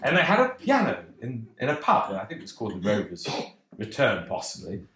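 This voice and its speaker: A man's voice: lowish voice, wildly swooping pitch, a little fast. An actor playing a bashful, rambling cocktail pianist in a one-man stage monologue, hesitant and self-deprecating. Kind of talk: theatrical monologue. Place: theatre stage. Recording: roomy theatre.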